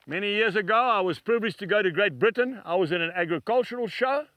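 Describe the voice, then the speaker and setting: A man's voice: high voice, quick pace, hardly any pauses, sharp tone, dry recording. A man preaching a devotional sermon to camera outdoors beside cattle stalls, emphatic and repetitive, weaving in a personal story.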